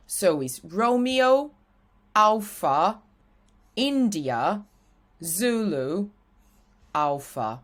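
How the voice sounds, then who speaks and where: A young Brazilian woman, a native Portuguese speaker with a Brazilian Portuguese accent, teaches an English lesson using slides and slows down to spell letters out clearly. Her mid-range voice is fairly bright, with big swings in pitch.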